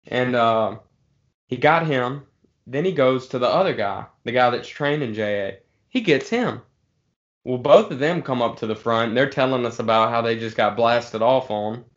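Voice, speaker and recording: A man's voice: medium pitch, lo-fi sound. A man telling a rambling story to friends in a casual, swearing way. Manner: laid-back, swearing, drawn-out pauses.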